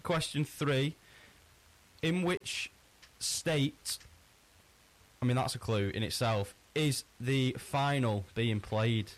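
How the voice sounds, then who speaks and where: A man's voice: medium pitch, slow. Easygoing man running a casual quiz. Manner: chatty, easygoing, frequent restarts. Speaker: quizmaster. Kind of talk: casual podcast chat.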